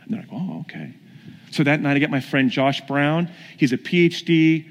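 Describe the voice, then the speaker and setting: A man's voice: fairly high pitch, steady tone, a little fast. A man preaching a sermon, telling stories and putting questions to his congregation. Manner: storytelling, questions the audience. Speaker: pastor. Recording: long hall reverb.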